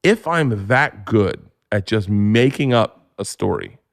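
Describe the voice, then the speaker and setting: A man in his forties, a comedian, telling stories in a casual interview, profane and animated, acting out what people said. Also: fairly low pitch, slow, vocal fry. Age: 40s. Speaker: comedian guest. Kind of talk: casual storytelling chat.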